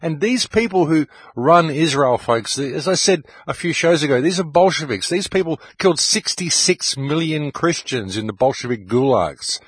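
A man's voice: a little high, expressive, normal speed, hardly any pauses, slightly rough, no echo. A middle-aged man hosting a radio show, delivering an impassioned, urgent monologue straight to his listeners. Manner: ranting, urgent, addresses listeners directly.

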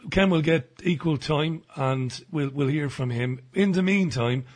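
A man hosting a radio interview, measured and conciliatory with his guest. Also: fairly high pitch. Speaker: host.

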